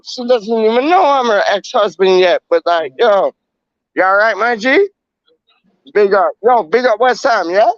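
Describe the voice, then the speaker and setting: East london guy on a video call, high voice, lots of slang, dry muffled sound. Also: measured pace, no echo. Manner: slangy, repetitive, hypes people up. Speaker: host chatting with strangers on video call. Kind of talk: casual video chat.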